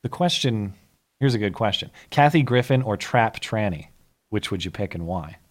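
Male podcast co-host, low voice, casual, stop-start delivery. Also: lively intonation. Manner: halting, restarts often. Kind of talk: casual chat reading viewer comments.

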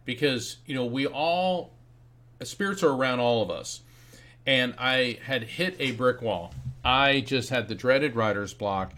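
A man as a guest author and medium in an interview, telling a story in a lively way and acting out the voices he quotes. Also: medium pitch, unhurried.

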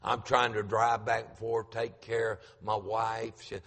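A man's voice: fairly low pitch, little pitch movement, unhurried, vocal fry, a bit bright, breathy edge, big-room sound. A middle-aged man, a pastor telling a story in a sermon, acting out the voices he quotes and repeating lines for emphasis. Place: church sanctuary.

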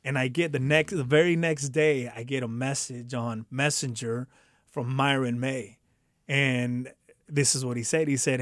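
A guest shares his testimony, casually telling his life story, animatedly voicing the people in it and laughing often. His medium-pitched voice is unhurried, recorded in studio quality with no room sound.

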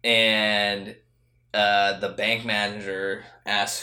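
A man's voice: lowish voice, normal speed, pushed and bright, roomy sound. A man co-hosting a podcast, chatting casually and rambling through movie scenes with restarts and swearing. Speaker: podcast co-host. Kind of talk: casual chat.

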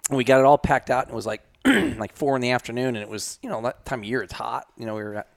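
Speaking quickly in a gravelly, medium-pitched voice, a hunting guide spins a long, casual tale on a podcast. It meanders with many fillers and restarts, and he laughs often.

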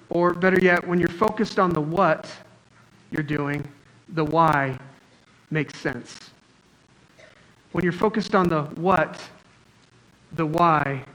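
A man's voice: sits high, fairly bright tone, rough recording. A man preaching a sermon as pastor, talking in a conversational, joking storytelling way. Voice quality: wears glasses, astigmatism.

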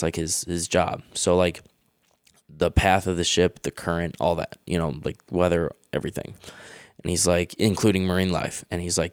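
A man's voice: low voice, clear, resonant tone, no room sound, clean studio sound. A young man, a comedian guest, telling loose stories in a casual interview with lots of fillers. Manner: loose storyteller, many fillers.

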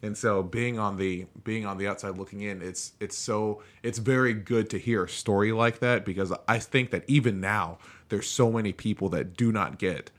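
A man's voice: fairly low pitch, moderate pace, few pauses. A man in his thirties hosting a podcast, chatting casually and loosely with frequent filler phrases. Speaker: podcast host. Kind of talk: casual chat.

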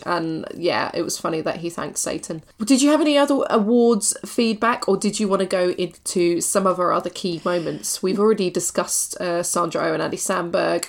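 Chatty woman podcaster, lower voice. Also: gravelly. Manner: chatty, frequent fillers and swearing. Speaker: podcast co-host. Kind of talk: casual chat.

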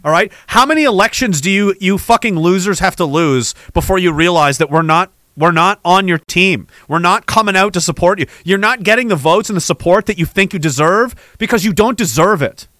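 A man ranting on his podcast. His voice sits high and sounds bright and sharp. He is angry, sarcastic and swears freely, and the sound is dry and close. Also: expressive, brisk, few pauses, no echo. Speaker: podcast host.

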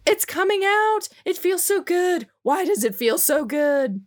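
A woman voicing an overwhelmed young priestess in breathy, high exclamations. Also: very animated, measured pace, full character voice. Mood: breathless.

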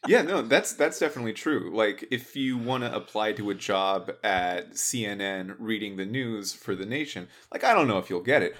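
A man hosting a podcast in casual chat, a bit stuttery and quick to laugh. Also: on the low side, noisy background. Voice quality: praised radio voice. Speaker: podcast host.

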